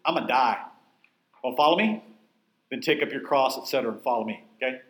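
A man's voice: medium pitch, animated, fast talker, fairly bright tone, reverberant, poor audio. A man teaching a Bible class in a conversational, emphatic way, often putting questions to his listeners. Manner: emphatic, asks the room questions.

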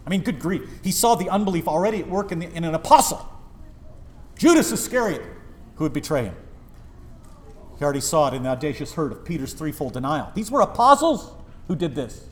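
A man's voice: fairly high pitch, big pitch swings, a little fast. A man preaching an impassioned sermon as pastor, with sudden swells in volume.

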